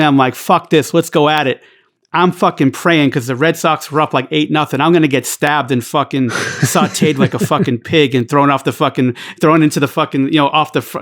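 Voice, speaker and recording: A man's voice: fairly high pitch, fairly bright tone. A man, a podcast guest telling a rambling, profanity-filled story in casual chat. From New York.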